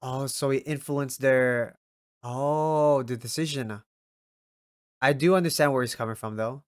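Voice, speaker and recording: Excitable swearing young man, dry sound. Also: medium pitch, unhurried, dry recording. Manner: excitable, swears a lot, bursts into loud yells. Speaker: anime reaction YouTuber. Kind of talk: casual reaction commentary.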